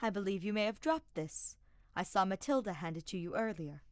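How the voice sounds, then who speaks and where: A woman's voice: medium pitch, animated, brisk, no echo, clean studio sound, lightly acted. A woman voicing a commanding, stern young woman leader who speaks firm and clipped in a read-aloud story.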